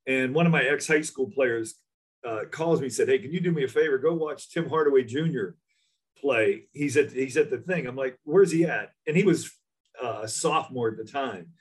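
A middle-aged man, a former basketball coach, telling recruiting stories in an animated way, acting out other people's lines. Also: mid-range voice, moderate pace, breathy edge. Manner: animated storyteller, acts out voices. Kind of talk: casual chat.

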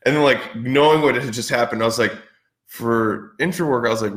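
Podcast host, male, mid pitch, loose rambling delivery, plays both sides of the dialogue in his stories. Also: brisk, reverberant. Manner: rambling, filler-heavy, acts out past dialogue. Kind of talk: casual business talk.

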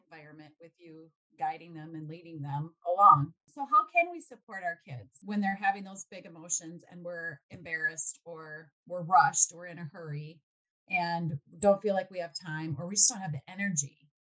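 A woman's voice: fairly low pitch, moderate pace, pushed and bright, rough recording. Woman podcast host asking questions. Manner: conversational, summarizing and asking follow-up questions. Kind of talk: podcast interview.

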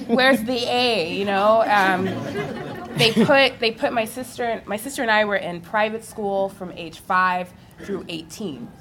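A young adult woman on a live panel, telling her story in an animated way and laughing often. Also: lowish voice, slight background noise. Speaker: physical therapist on a panel.

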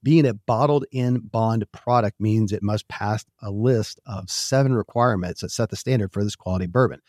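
A man reading a scripted radio ad in a smooth, even promotional delivery. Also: fairly low pitch, moderate pace, dry recording, clean studio sound. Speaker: ad announcer.

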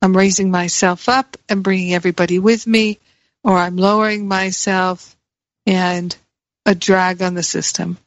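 A woman's voice: on the low side, steady tone, normal speed, no room sound. A woman giving a reflective spiritual teaching talk, repeating key phrases for emphasis. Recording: dry, slightly muffled recording.

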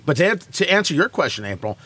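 A man's voice: on the high side, husky. A man hosting a talk show, ranting and joking sarcastically in casual banter with co-hosts. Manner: animated, sarcastic, quick asides.

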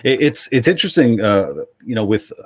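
A man's voice: mid-range voice, expressive, fairly quick, slightly rough. A man from New York hosting a podcast, talking in casual chat with many hesitations and repeats. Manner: hesitant, many uhs and repeats, then punchy jokes. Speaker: podcast host.

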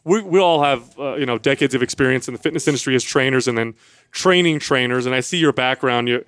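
A man with a mid-range voice hosts a podcast, talking fast and loosely and swearing now and then. His voice is close and dry, with no echo. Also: medium pitch, fairly bright tone, smooth. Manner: quick, casual, swears freely. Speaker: podcast host. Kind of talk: casual interview chat.

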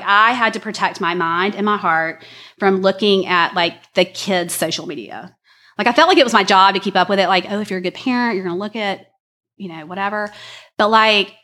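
A woman's voice: medium pitch, sharp tone. Chatty woman telling her story. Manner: chatty and earnest, many fillers, says y'all. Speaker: guest sharing a personal story. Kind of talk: personal testimony talk.

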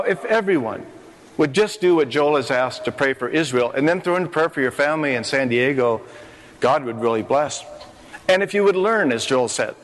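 Older male preacher, impassioned stage sermon, slightly high voice, reverberant hall sound. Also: a bit bright. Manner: impassioned preaching with rising emphatic phrases. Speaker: pastor.

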